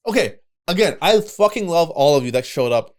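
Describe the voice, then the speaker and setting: A young man co-hosting a podcast, talking in an animated, loose way and swearing freely. His voice sits slightly high for a man. It is relaxed, casual chat among friends. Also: normal speed. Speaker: podcast co-host.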